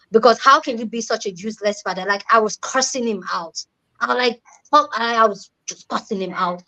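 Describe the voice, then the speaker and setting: A woman's voice: on the high side, fairly quick, pushed and bright, muffled recording. A young adult woman, not a native English speaker, earnestly telling a personal story in a casual chat and repeating key words for emphasis.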